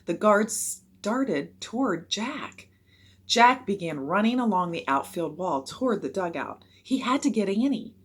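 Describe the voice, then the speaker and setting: A woman reading a children's chapter book aloud with expressive narration. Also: medium pitch, unhurried, husky.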